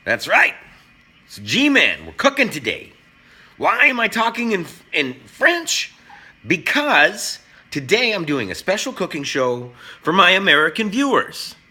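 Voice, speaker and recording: A middle-aged man hosting a joking, casual cooking vlog, swinging between loud and soft. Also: high-pitched, big pitch swings, unhurried. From Canada. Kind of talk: casual talk to camera.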